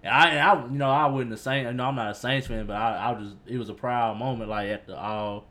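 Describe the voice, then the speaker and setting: A man's voice: mid-range voice, fairly even intonation, fast, fairly bright tone. Laid-back young male sports fan. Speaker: podcast co-host. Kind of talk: casual sports chat.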